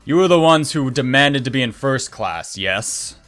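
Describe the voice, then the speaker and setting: A man's voice: medium pitch, lively intonation, moderate pace, fairly bright tone, faint music behind, natural voice. A man voicing a stern male guard who barks commands in a tabletop game. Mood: commanding. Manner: barking, commanding.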